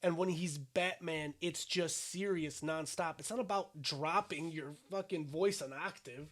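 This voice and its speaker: High-voiced man, blunt and profane. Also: a bit bright. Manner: blunt, profane, quick to argue. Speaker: podcast co-host. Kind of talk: casual chat.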